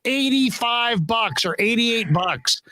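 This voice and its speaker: A middle-aged male host telling a story in casual podcast chat, animated and swearing freely. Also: extremely high pitch, slow.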